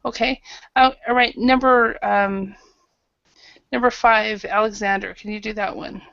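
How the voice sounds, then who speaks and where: A woman's voice: mid-range voice, steady tone, unhurried, gravelly, fairly bright tone, no echo, muffled recording. Patient woman teaching English online. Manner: patient, calls on students by name.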